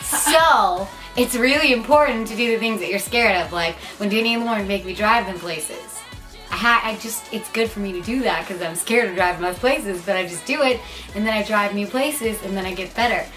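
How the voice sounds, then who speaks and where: A woman's voice: medium pitch, normal speed, fairly bright tone. A young woman speaks sincerely and a little self-deprecatingly as she gives advice to the camera. Faint music plays underneath. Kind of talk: casual advice talk to camera.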